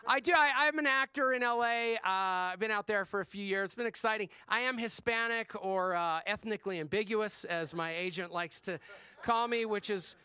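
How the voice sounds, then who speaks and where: A man's voice: high-pitched, normal speed, sharp tone, clear, resonant tone, dry recording. A middle-aged man performing a stand-up comedy set on stage, talking in a chatty, self-deprecating way full of fillers and restarts. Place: comedy stage before a live audience.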